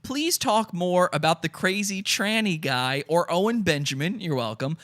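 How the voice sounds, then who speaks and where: A man hosting a livestream, reading out super chats in a sarcastic, mock-sincere, deadpan way. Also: high voice, normal speed. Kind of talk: sarcastic comedic livestream chat.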